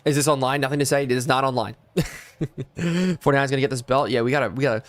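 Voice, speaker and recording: A man's voice: medium pitch, quick pace, no room sound. A man streaming live, calling a football video game play by play, hyping big plays and reading out viewers' chat messages. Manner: hyped play-by-play, chatting with viewers; excited yelling on big plays. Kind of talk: live gameplay commentary.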